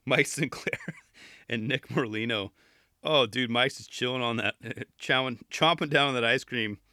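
A man's voice: mid-range voice, measured pace, pushed and bright, no echo, clean studio sound. A man hosting a podcast, chatting casually and joking as he flips through a magazine, with rambling asides and playful pleading. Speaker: podcast host. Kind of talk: casual chat reviewing a magazine.

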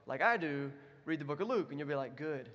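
A man's voice: fairly high pitch, animated, a little fast, a bit bright, muffled recording. Casual preaching man in a reverberant hall. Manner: conversational, self-deprecating preaching. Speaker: pastor. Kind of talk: sermon. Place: church.

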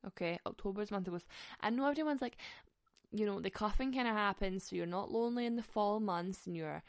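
A woman's voice: medium pitch, a little fast, dry recording. A young woman hosting a podcast, telling stories in a sweary, chatty way and laughing often. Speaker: podcast host. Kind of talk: casual storytelling chat.

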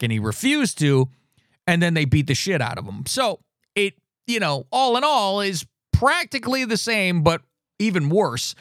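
Lively, profane male podcast co-host. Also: high-pitched, measured pace, smooth, no echo, studio quality. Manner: animated, profane, rambling with restarts. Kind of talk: casual wrestling podcast chat.

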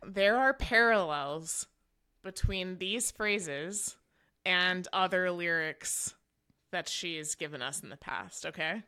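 Female co-host, chatty and argumentative in a playful way, bright voice, lowish pitch. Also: slow, smooth. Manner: builds a case playfully, quoting lyrics as evidence. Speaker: podcast co-host. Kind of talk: casual chat.

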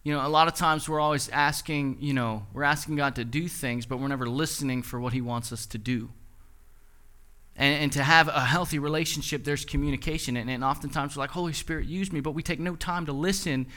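Man in his twenties, pastor, sermon, fairly high pitch, animated storytelling. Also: brisk. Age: 20s. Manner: animated storytelling with quoted dialogue.

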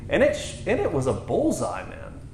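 A man ministering to a congregation, telling a testimony story in an animated way and acting out the quotes. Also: on the high side, normal speed, echoey room, slight background noise. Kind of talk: storytelling sermon.

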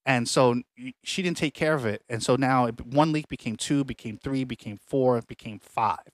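A man at a mid pitch co-hosts a podcast from home. He tells the story casually, with many restarts and animated reenactments of what others said, and the sound is close and dry, with no room echo. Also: moderate pace. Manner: rambling, frequent restarts, animated retellings. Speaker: podcast co-host. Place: home apartment.

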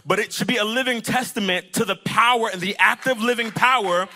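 A young adult man preaching a sermon as pastor, animated, with a sing-song rising delivery and playful acted-out asides. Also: high-pitched. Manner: animated preaching, acts out the disciples and Jesus in quick asides.

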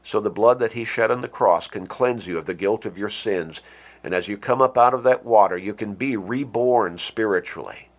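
A middle-aged man preaching an earnest radio sermon, with slow, deliberate stresses on key words. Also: lowish voice.

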